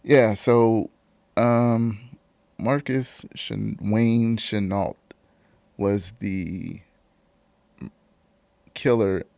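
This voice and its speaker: Male co-host, low gravelly voice, dry close sound, halting delivery. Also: steady tone, a little mellow, dry recording. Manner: hesitant, many ums and uhs. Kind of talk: casual chat.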